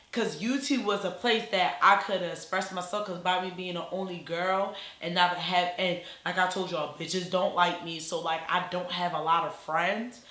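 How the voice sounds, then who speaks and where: Young baltimore girl doing a storytime vlog, rambly, lots of "like", bright voice. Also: mid-range voice, reverberant. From Baltimore, USA. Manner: animated, rambling, lots of "like" and slang. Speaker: YouTuber.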